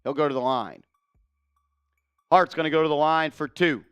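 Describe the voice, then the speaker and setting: A man calling a live game as a fan streamer, fast and openly partisan, shouting at big plays and grumbling about the refs. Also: fairly high pitch, smooth, no echo, faint music behind. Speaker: play-by-play streamer. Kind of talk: live fan play-by-play commentary.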